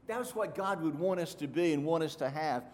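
A man preaching a sermon as pastor, emphatic, swinging from soft asides to loud stressed phrases. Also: on the high side, normal speed. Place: church sanctuary. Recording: echoey hall with faint room noise.

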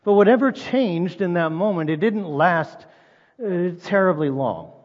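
A man preaching a sermon in a relaxed, conversational way, asking the listeners rhetorical questions. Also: sits high, measured pace. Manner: conversational, reads scripture aloud, asks rhetorical questions. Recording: reverberant dull-sounding hall.

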